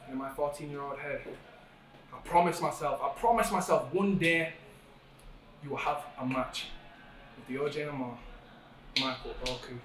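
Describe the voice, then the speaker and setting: A man's voice: fairly high pitch, normal speed, pauses often, music in the background. A young adult man, a pro wrestler, cutting a brash and boastful backstage promo with plenty of trash talk. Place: backstage hallway at a wrestling show. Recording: roomy hallway audio from far off.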